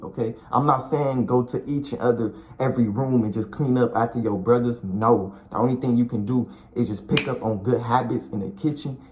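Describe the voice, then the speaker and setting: Man vlogger, street-slang pep talk, blunt and preachy, average-pitched voice. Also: darkish tone, rough recording. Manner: blunt, profane and slangy, repeats himself, calls the viewer bro and dog; preachy and encouraging. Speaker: video creator giving life advice. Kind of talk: casual motivational talk to camera.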